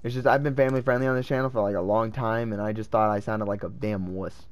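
A man giving casual gameplay commentary, excitable and swearing as he talks to himself. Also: on the low side, fast. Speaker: let's play gamer.

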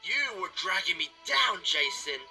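A man's voice: sits high, very animated, unhurried, heavily acted, rough recording. A man doing a smug, boastful wrestling heel. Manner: boastful, sneering. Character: smug younger male wrestler, arrogant heel. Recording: music loud behind voice.

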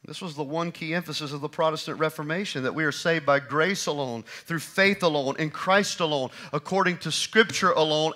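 A man preaching a sermon as pastor in a church, moving from loud emphatic lines to quiet, hushed ones. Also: fairly high pitch, a little fast, hardly any pauses. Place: church sanctuary.

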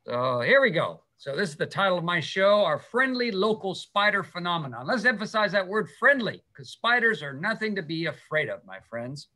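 A man's voice: high voice, very animated, normal speed, few pauses, pushed and bright. A middle-aged man, a science teacher, giving an enthusiastic, chatty talk with slides on a video call and checking in with "okay?". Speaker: guest speaker, middle school science teacher. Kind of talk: animated public talk with slides.

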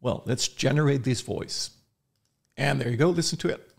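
Enthusiastic man demoing software. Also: mid-range voice, moderate pace, gravelly, husky. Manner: enthusiastic, demonstrating step by step. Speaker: software reviewer. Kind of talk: screen-recorded product review.

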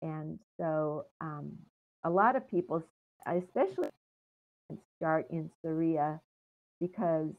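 Soft-spoken woman over a tinny line. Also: deep voice, animated. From United States. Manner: meandering, many ums and trailing pauses. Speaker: interview guest. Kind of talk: casual storytelling interview.

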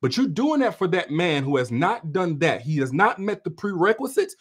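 A man's voice: on the high side, very animated, moderate pace, husky. A man coaching women on relationships in a livestream talk to his viewers. He is preachy and direct, speaks like a big brother, and repeats phrases for emphasis.

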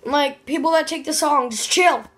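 A woman's voice: sits high, normal speed, fairly bright tone. A young woman vlogger chatting casually, dramatic and rambling. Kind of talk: casual vlog chat.

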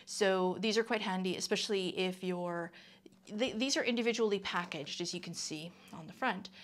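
A woman's voice: medium pitch, normal speed, a little hiss or hum. A middle-aged woman from Canada chatting casually through a product review, full of ums and friendly asides. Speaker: vlogger.

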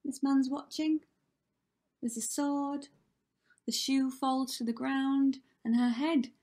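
Slow and a little mellow, a primary school teacher whose voice sits high with fairly even intonation reads children a rhyming story. She delivers it dramatically, frequently sinking into a whisper.

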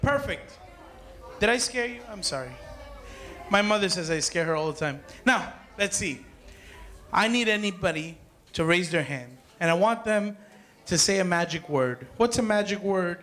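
A man's voice: sits high, lively intonation, moderate pace, fairly bright tone. A man working as a children's party magician, playfully joking with the kids and calling out to the crowd in a party hall. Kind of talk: live party magic show patter. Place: party hall with dance floor.

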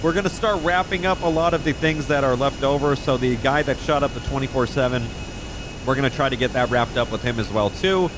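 A man's voice: mid-range voice, a little fast. Chatty swearing man, game chat noise. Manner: chatty, swears a lot, laughs easily. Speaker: streamer playing a police officer. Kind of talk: casual role-play chat.

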